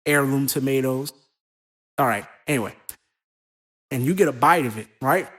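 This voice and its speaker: A man co-hosting a casual podcast, talking in an animated, profane, rambling way. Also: mid-range voice, moderate pace. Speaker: co-host.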